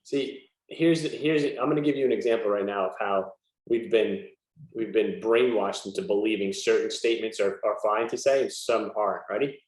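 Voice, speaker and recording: A man's voice: on the low side, normal speed, roomy sound. A man, co-hosting a podcast in casual chat and making his points bluntly, with a lot of swearing. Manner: blunt, profane, argumentative. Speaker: podcast co-host.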